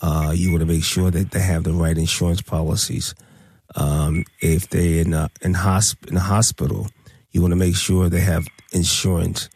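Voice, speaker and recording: A man's voice: low voice, flat delivery, normal speed, a little mellow, breathy edge. A man hosting a radio talk show, speaking in a preachy, emphatic way and repeating his points.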